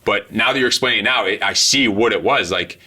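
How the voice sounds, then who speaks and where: Fast-talking profane ex-Marine interviewer. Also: male voice, fairly low pitch. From United States. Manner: profane, storytelling, fast and animated. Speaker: interviewer, former Marine instructor. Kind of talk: casual interview.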